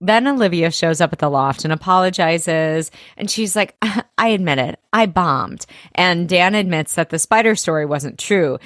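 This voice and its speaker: A woman co-hosting a podcast, recapping a TV episode in casual chat with lively reactions. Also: lowish voice, moderate pace, few pauses, no echo, studio quality. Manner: lively, reacting with groans and laughs. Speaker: podcast co-host.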